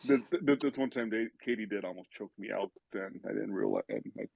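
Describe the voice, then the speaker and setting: Stammering gravelly man, tinny sound. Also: fairly low pitch, big pitch swings, brisk, no echo. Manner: stammering, repeats words. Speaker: podcast guest, judo and jiu-jitsu student. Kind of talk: casual chat.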